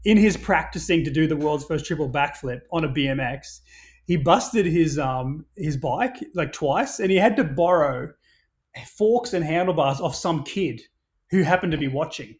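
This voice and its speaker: A man on a podcast, talking in a rambling, animated way with many restarts and plenty of swearing as he tells stories. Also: on the high side, normal speed. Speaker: podcast guest, action sports brand founder. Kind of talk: casual podcast conversation.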